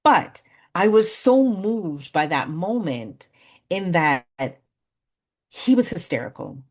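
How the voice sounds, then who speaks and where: A woman in her forties leading a parenting workshop, talking conversationally, laughing at herself and slowly counting out breathing exercises. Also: fairly low pitch, very animated. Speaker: workshop facilitator. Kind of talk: guided breathing exercise and storytelling talk.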